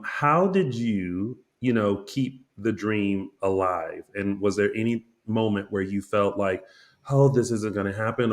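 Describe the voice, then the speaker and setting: A man co-hosting a podcast, asking halting interview questions with many restarts. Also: fairly low pitch. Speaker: podcast co-host.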